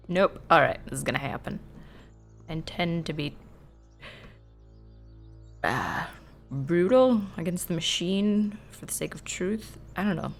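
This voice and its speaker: A woman's voice: lowish voice, slow, pauses often, faint music behind. A woman giving chatty let's-play commentary, reading on-screen text aloud and reacting with surprise. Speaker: gameplay video host.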